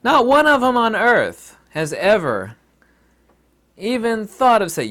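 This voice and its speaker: A man's voice: wildly swooping pitch, takes it slowly. Emphatic, combative man lecturing. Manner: emphatic and combative, swinging between loud outbursts and low asides. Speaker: video lecturer on Buddhism. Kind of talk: impassioned monologue to camera.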